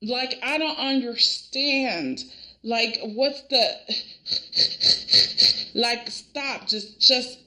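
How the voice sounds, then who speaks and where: Bright-voiced woman giving a casual reaction review. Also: fairly high pitch, very slow, long pauses. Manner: animated, exasperated, talks straight to viewers. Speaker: soap opera reviewer.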